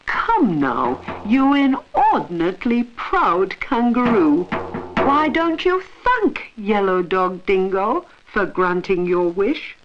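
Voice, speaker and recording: A woman voicing a grand male god who speaks formally and a little offhandedly, for an animated storybook film. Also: medium pitch, slow pace, slight background noise. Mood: lofty. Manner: lofty, formal, rather offhand. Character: big grand male god, lofty and unbothered. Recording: dull old film soundtrack with music.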